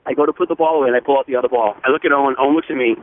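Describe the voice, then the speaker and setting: Fast-talking dad on a phone line. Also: male voice, mid-range voice, fairly even intonation. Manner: rushed, earnest, restarts mid-sentence. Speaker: phone-in guest. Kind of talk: eager storytelling. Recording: tinny phone line with faint noise.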